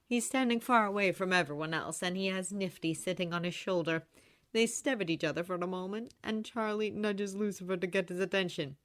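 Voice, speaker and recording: A woman reading fanfiction aloud in an animated storytelling manner, close to the microphone. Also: on the low side, brisk, no echo. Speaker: audiobook reader. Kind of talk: fanfiction narration.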